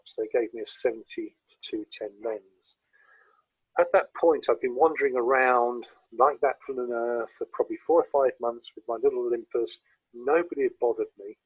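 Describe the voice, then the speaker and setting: Relaxed southern English man, husky voice. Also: mid-range voice, dry recording, narrow, tinny audio. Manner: relaxed, anecdotal, with frequent hesitations. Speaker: guest speaker presenting photography. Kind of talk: informal illustrated talk. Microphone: video call.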